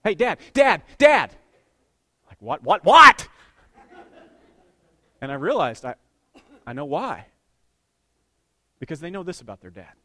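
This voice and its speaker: Preaching in a mid-range voice, this pastor moves back and forth between quiet, intimate passages and loud, excited outbursts.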